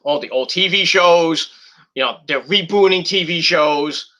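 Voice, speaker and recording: A man's voice: a little high, a little slow. A man in his thirties hosting a podcast, chatting casually in a rambling, profane way with frequent restarts. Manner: rambling, profane, restarts often, shouts in bursts. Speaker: podcast host.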